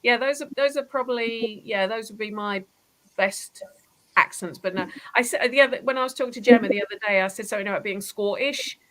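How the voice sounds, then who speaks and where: A woman's voice: a little high, brisk, poor audio. A woman from southern England, a historian guest, chatting enthusiastically on a talk show. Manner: enthusiastic, animated storytelling. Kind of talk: casual interview chat.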